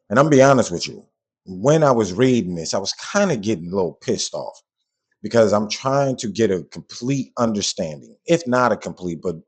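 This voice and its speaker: Deep, darkish and slightly rough, this man's voice belongs to a podcast host reacting in a relaxed way. He's frank and blunt, swears occasionally, and says things twice when something puzzles him.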